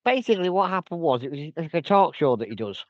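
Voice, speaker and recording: A man's voice: a little high, big pitch swings, quick pace, no echo, muffled recording. A man in a casual chat, retelling a story he saw.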